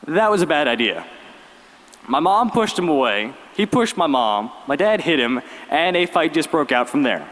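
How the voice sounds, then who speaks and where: A young man, giving a graduation speech as valedictorian with lively storytelling and wry humor. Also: fairly high pitch, moderate pace, slight background noise. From Virginia, US. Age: late teens. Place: large arena. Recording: long arena reverb.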